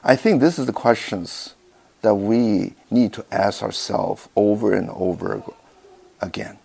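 Slow-speaking male pastor preaching. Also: lowish voice, creaky, warm tone, husky. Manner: slow, halting delivery with repeated words and non-native grammar. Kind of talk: sermon.

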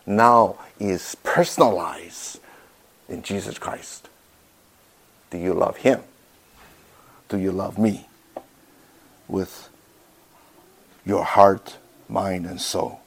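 Slow-speaking male pastor preaching. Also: sits low, steady tone, creaky, breathy edge. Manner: slow, halting delivery with repeated words and non-native grammar. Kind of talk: sermon.

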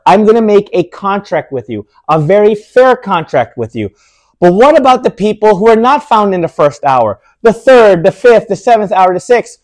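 A man preaching a sermon, emphatic and full of rhetorical questions, slowing down to stress his points. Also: sits high, a little mellow.

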